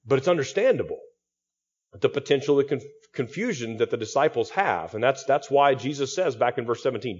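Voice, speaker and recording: A man's voice: mid-range voice, expressive, a little fast, darkish tone, muffled recording. A male pastor giving an expository sermon, teaching through a text with frequent restarts and repeated words.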